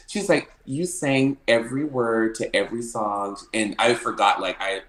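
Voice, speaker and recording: A man telling stories as a podcast guest, animated, often laughing and acting out what people said. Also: medium pitch, normal speed, roomy sound, low-quality recording. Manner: animated, laughing often, acts out quoted lines. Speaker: podcast guest, drag performer. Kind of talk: casual storytelling interview.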